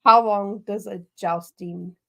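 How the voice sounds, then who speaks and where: A woman's voice: medium pitch, steady tone, slow pace, vocal fry, bright, forceful tone. A woman co-hosting a family livestream, chatting casually and laughing often. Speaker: livestream co-host.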